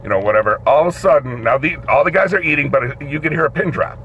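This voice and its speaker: A man hosting a live show, telling a story in an animated way, swearing and acting out the voices in it. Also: fairly high pitch, fast. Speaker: host. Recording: dull lo-fi stream audio with faint noise.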